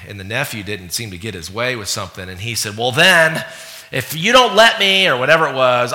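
A man preaching a sermon in an animated way, acting out little voices and laughing often as he talks to the congregation. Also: fairly low pitch. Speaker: pastor. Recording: long hall reverb.

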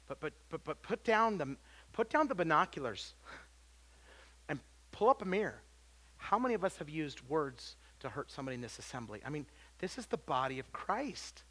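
A man preaching a sermon, swinging from loud emphasis to quiet, low lines and often restarting his words. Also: lively intonation, moderate pace. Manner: self-interrupting with repeated words. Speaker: pastor.

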